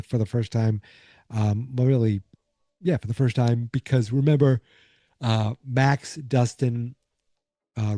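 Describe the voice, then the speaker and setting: Sleepy man, podcast host, rambling recap, very mellow dark voice, dry close sound. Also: mid-range voice, no echo. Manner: rambling, lots of fillers and asides. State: sleepy, fighting off yawns. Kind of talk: casual episode recap.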